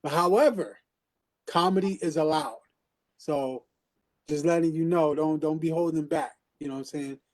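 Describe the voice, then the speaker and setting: A man's voice: a little high, normal speed. A man hosting an open mic in a casual, joking, encouraging way. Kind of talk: casual group talk.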